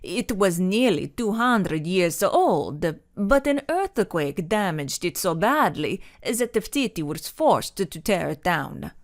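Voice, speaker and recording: A woman reading the part of a good-humored Italian man with a thick accent. He talks slowly and gently, tickled by the girls' mistake, in a lower voice than the narration. The storybook voice rises and falls in lively swings. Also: heavily acted. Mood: amused, gentle. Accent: put-on Italian. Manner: slow, amused, gentle.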